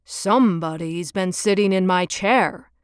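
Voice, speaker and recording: A woman voicing a big, gruff male father bear in a storybook reading, with a growling voice. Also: fairly low pitch, unhurried, dry recording, studio quality, voice pushed down, lightly acted.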